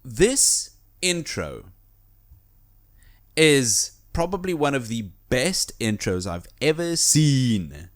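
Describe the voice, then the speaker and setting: A man's voice: medium pitch, slow. A man co-hosting a video game podcast in casual, enthusiastic chat. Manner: enthusiastic, animated storytelling. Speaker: podcast co-host.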